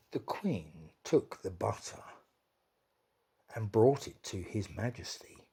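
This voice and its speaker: A man reading a classic children's rhyme aloud, slow and expressive. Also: medium pitch. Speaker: storyteller.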